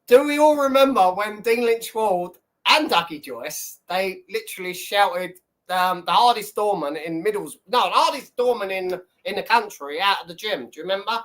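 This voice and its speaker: A man's voice: high-pitched, expressive, normal speed, fairly bright tone. A man hosting a live stream, telling a rambling story in casual chat, swearing freely and laughing often. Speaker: livestream host.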